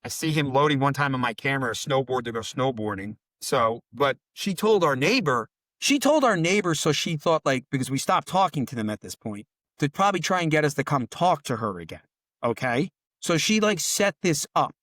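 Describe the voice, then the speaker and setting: A middle-aged man tells his story in a rambling, heated way, swearing often as he speaks. His voice sits at an ordinary pitch. The recording is dry and close, with no room echo. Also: animated, brisk, fairly bright tone. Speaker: bereaved father and podcast guest. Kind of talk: emotional interview storytelling.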